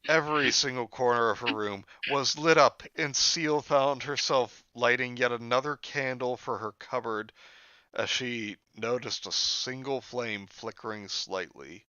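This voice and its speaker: A man's voice: mid-range voice, a little slow, bright, forceful tone, smooth, dry recording, muffled recording. A man co-hosting a podcast, reading a horror story aloud with sarcastic asides. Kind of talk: casual read-along with jokes.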